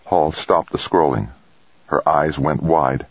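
Very deep husky male narrator. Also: slow pace, dry recording, muffled recording. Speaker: audiobook narrator. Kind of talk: scripted narration.

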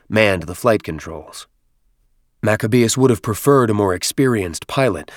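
A man reading an audiobook in steady, measured scripted narration. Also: deep voice, no room sound, studio quality.

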